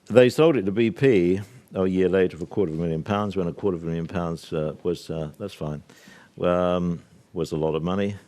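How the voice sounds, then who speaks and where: An older man from Britain talks to a live audience at a workshop, his voice sitting low. He speaks assertively, filling gaps with ums and wandering into asides before coming back to his point. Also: a little fast, dark tone. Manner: discursive, assertive, with many fillers and asides. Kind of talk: public talk to an audience.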